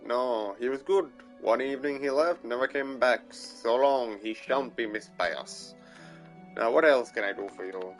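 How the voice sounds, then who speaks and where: A man voicing a chatty, pompous small-town mayor in a put-on American accent, gossiping in measured tones. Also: medium pitch, faint music behind, lightly acted, poor audio. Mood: gossipy.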